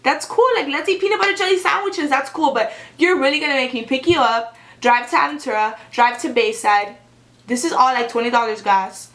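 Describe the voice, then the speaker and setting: A young vlogger tells her viewers a casual story at a brisk clip, animated and sarcastic, with "like" in almost every line. Her slightly high voice echoes off the walls of the room.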